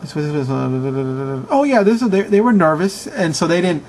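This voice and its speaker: A man's voice: a little high, expressive, moderate pace, a little mellow, a little hiss or hum. A man casually reading out answers from viewers, chuckling and reacting with mock outrage. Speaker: video host reading answers. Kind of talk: casual commentary reading aloud.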